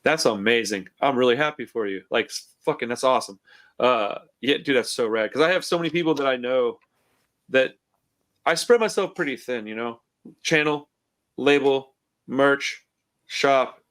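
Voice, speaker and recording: A podcast host in his forties chats over a computer call mic in a laid-back, rambling, profane way. His medium-pitched voice moves at a moderate pace with a fairly bright tone.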